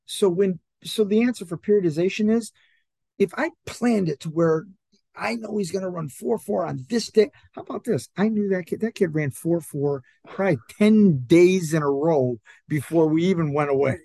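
A man's voice: high-pitched, moderate pace, gravelly, dry recording. A man who trains athletes, telling stories in a casual podcast chat and acting out what other people said. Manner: animated, acts out other people's lines in quotes.

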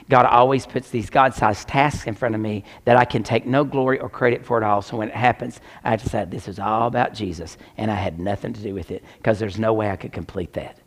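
A man preaching a sermon as pastor, swinging between loud exclamations and hushed near-whispers. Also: medium pitch, big-room sound.

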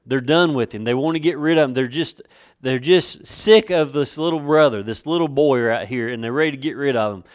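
A man preaches in a voice pitched a little above most men's. He stresses his points with rising force and slows right down to read old scripture aloud. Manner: preaching with rising emphasis, reading King James scripture slowly. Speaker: pastor. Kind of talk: sermon.

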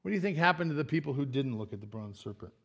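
A pastor giving a sermon in a church, throwing out questions to the congregation and acting out the people in the story, swinging from loud emphatic lines down to soft, low asides. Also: male voice, expressive, rapid-fire. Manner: acts out voices of people in the story.

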